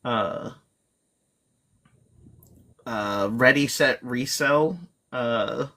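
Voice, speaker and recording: A man's voice: medium pitch, extremely slow, bright, forceful tone. A man talking as a guest on a live chat stream, rambling along with plenty of fillers and restarts. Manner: rambling, filler-heavy, self-interrupting. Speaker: guest reseller.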